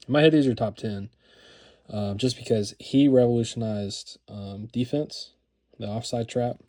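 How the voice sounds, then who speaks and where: A man's voice: medium pitch, moderate pace, mellow. A man casually showing off items from his collection, talking in a rambling, enthusiastic way with lots of fillers and repeated words. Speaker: card collector vlogger. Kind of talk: casual show-and-tell narration.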